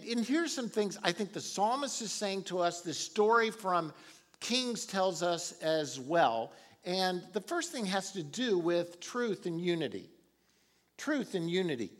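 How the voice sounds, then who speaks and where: Animated, bright-voiced male preacher. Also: high voice. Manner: casual storytelling with laughs and asides. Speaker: pastor. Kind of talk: sermon.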